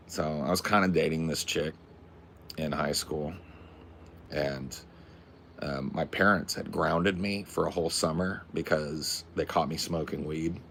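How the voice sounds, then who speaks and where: A very deep, gravelly young man chats loosely with his stream, slangy and profane. Faint noise hums under his voice. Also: fairly bright tone. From Pacific Northwest. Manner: laid-back, slangy, swears a lot. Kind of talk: casual livestream chat.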